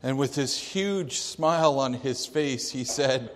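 A man preaching a sermon, telling a story slowly and deliberately, with some restarts. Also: mid-range voice, big-room sound, a little hiss or hum. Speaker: pastor.

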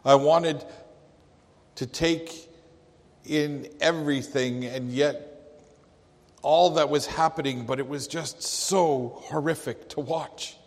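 A man acting as a grieving Jewish father in a dramatic first-person monologue, telling it in a slow, halting, hushed way. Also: a little high, fairly even intonation. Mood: horrified. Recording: long echoey hall reverb.

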